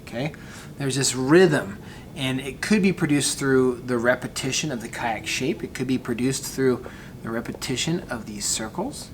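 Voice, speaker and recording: A man's voice: mid-range voice, normal speed, a little hiss or hum. A man teaching a photography class, talking casually through example photos and addressing his students directly. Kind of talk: recorded class lecture.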